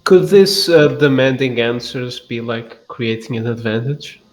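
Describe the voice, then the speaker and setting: A man's voice: medium pitch, unhurried, poor audio. Hesitant man asking game questions. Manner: hesitant, asks rule questions. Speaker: player. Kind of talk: tabletop role-play.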